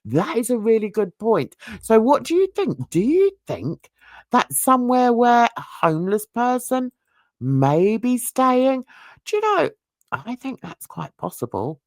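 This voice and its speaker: A woman's voice: fairly high pitch, big pitch swings, a little slow, darkish tone, dry recording, clean studio sound. A woman hosting a true crime channel, reading viewer comments aloud in a casual, self-mocking way, stumbling over words and laughing at herself.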